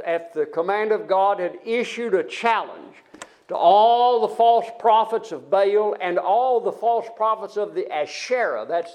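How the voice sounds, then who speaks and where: An older man preaching a sermon, retelling Bible stories in a folksy way with frequent restarts. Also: sits high.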